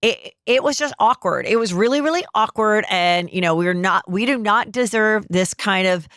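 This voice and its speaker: A woman hosts a gossip podcast, chatting casually at a medium pitch. She tells stories animatedly and slips into the voices of the people she quotes. The room sound is dry and close. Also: normal speed, a bit bright, dry recording. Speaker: podcast host.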